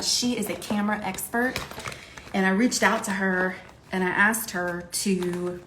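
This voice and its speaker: A middle-aged woman from Ohio, a makeup coach chatting to camera while doing her makeup, talkative and quick to laugh. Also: medium pitch, slight background noise. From Ohio, USA. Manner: chatty, laughing, lively quoted voices. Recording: echoey room.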